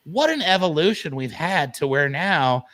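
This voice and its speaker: A man's voice: a little high, big pitch swings, normal speed, a bit bright. A man co-hosting an online morning show, chatting casually and telling stories straight to his viewers. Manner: chatty, tells stories and talks to "folks". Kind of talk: casual chat.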